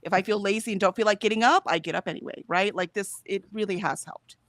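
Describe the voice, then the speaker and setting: This woman talks fast in a medium-pitched, somewhat bright voice, recorded without echo. She's co-hosting a productivity stream, casually chatting, reading out comments from live chat, and frequently laughing.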